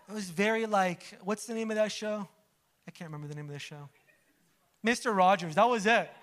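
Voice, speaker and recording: A pastor giving a sermon in a conversational style, full of humorous asides and questions to the audience. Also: male voice, sits high, a bit bright.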